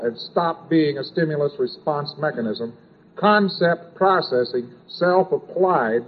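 Man lecturing, husky voice, slightly high, rambling and repetitive, tinny old tape recording. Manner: rambling and repetitive, with sound effects and asides. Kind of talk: informal lecture.

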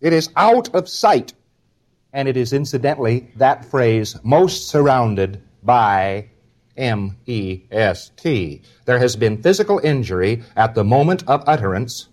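A man delivering an informal spoken lecture in a conversational, wry manner, now and then acting out short quotes. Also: medium pitch.

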